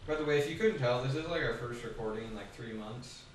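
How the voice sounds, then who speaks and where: A man's voice: medium pitch, fast. Man, let's play co-host, rambling casual talk, lots of "like", faint noise, heavy room echo. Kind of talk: casual gameplay commentary. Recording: very echoey room, distant mic.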